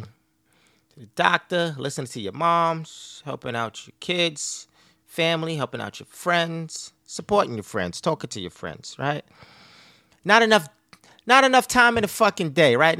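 A man's voice: high voice, sharp tone, no echo, studio quality. A man in his thirties hosting a podcast, rambling casually and profanely about family life, laughing often. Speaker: podcast host.

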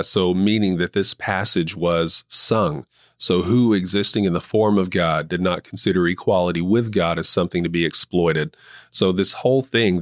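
A man hosting a casual Bible study discussion in a measured way, asking questions and affirming his co-host. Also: sits low, dry recording, studio quality. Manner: measured, reads scripture aloud and asks questions, gentle affirming fillers. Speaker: church host.

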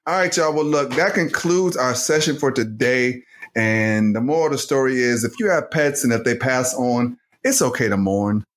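A man's voice: mid-range voice, moderate pace, fairly bright tone. A middle-aged man co-hosting a podcast, laid-back and teasing, addressing listeners as "y'all". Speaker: podcast co-host, father. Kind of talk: casual podcast chat.

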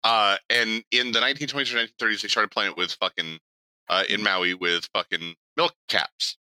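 A man co-hosting a podcast in casual chat. He tells stories in an animated, profane way. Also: lowish voice, fairly quick, smooth, rough recording. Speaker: podcast co-host.

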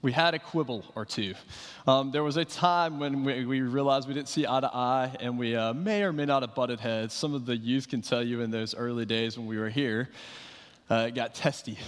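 Casual pastor in a reverberant hall. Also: male voice, mid-range voice, normal speed. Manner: conversational storytelling with fillers and repeated starts. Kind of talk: sermon.

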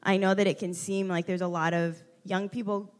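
A young woman speaking at a church gathering, heartfelt and halting as she fights back tears. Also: mid-range voice, level tone. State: close to tears. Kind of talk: emotional tribute at a church women's gathering.

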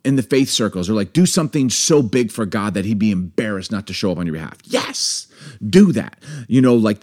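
A slightly mellow, mid-range male voice belongs to a podcast co-host in his forties. During candid conversation he argues with emphasis and passion, the heat steadily rising until he turns angry.

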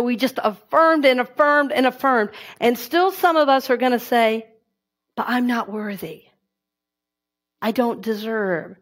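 Woman preaching in a conversational way. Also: on the high side. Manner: warm, conversational preaching with affirmations. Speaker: minister. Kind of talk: sermon.

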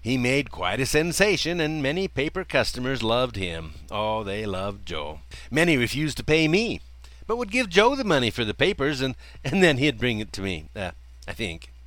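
A man's voice: normal speed, dry recording. An older man telling a personal childhood story in a folksy way, chuckling often as he talks. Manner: folksy, chuckling often, lively swings in pitch.

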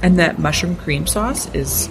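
A woman's voice: on the low side, a little slow, gravelly, over music. A woman co-hosting a podcast in casual chat, playful and enthusiastic, teasing her co-host.

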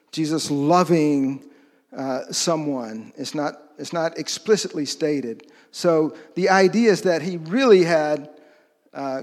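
A long reverb tail follows a man's slightly high voice as he delivers a sermon. He talks conversationally and keeps asking his audience questions.

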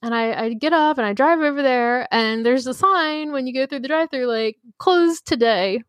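A woman co-hosting a podcast, telling a long story in a rambling, animated way full of fillers. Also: high-pitched, fairly quick, dry recording, clean studio sound. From United States. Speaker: podcast co-host. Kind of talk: casual chat.

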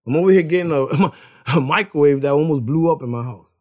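A man's voice: a little high, a little fast, a little mellow. A man casually sharing a personal faith testimony, rambling, repeating words and laughing as he tells it.

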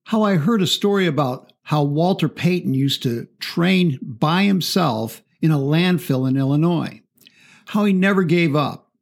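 A man, a martial arts instructor and speaker, telling a first-person story in a calm, confident, measured way. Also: on the high side.

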